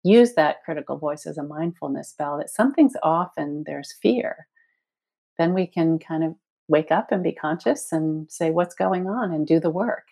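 A woman's voice: low-pitched, normal speed, gravelly, dark tone. A woman in her sixties speaking earnestly as an interview guest, acting out inner voices with playful shifts. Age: 60s. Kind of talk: reflective interview talk.

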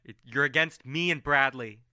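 A man's voice: mid-range voice, moderate pace, pushed and bright, smooth, no room sound, clean studio sound, voice pushed up. A man voicing a young noblewoman who speaks in urgent, stammering bursts. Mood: resolute. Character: young noblewoman, earnest and teary.

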